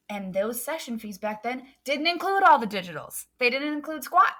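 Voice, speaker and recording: A woman's voice: fairly high pitch, lively intonation, moderate pace, few pauses, a bit bright. A woman photographer on a podcast, talking earnestly and emphatically with many "um" fillers. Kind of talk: casual podcast chat.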